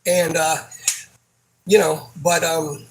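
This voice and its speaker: A man's voice: on the high side, little pitch movement, creaky, slight background noise, poor audio. A man who works at a supermarket, venting about a coworker in a rambling, frustrated way, swearing often and restarting his sentences. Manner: halting, many fillers and restarts. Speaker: supermarket worker. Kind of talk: casual venting monologue.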